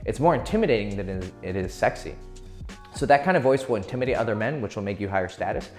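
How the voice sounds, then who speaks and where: Man, lower voice, casual coaching talk, profane, easy laughter, soft music in the background. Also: lively intonation, fast talker. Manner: loose and profane, laughing easily. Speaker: dating advice coach.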